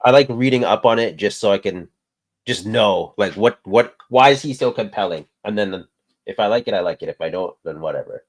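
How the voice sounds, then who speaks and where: A man co-hosting a toy news show in casual chat, relaxed, laughing often and trailing off. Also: lowish voice, fairly quick.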